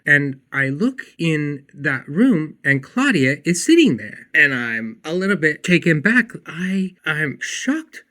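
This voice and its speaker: A man hosting a podcast, telling a story in an earnest, animated way before teaching a lesson. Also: fairly high pitch. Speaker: podcast host and counselor. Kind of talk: storytelling then teaching monologue.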